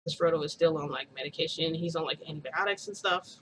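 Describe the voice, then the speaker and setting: A woman's voice: sits low, fast, a little hiss or hum, low-quality recording. A woman telling a long personal story in casual vlog style, rambling with lots of fillers and frequent laughs. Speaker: vlogger.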